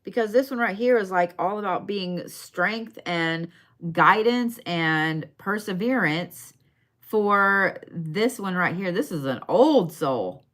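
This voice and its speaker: A woman's voice: medium pitch, lively intonation, takes it slowly, a bit bright. A woman giving bone readings on a live stream in a casual, chatty way, swearing now and then and talking straight to her viewers. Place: her shop.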